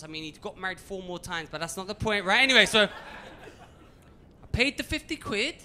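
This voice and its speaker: A man doing a stand-up comedy routine on a club stage, animated, swinging from muttering to shouting. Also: sits high, a little fast, a little hiss or hum.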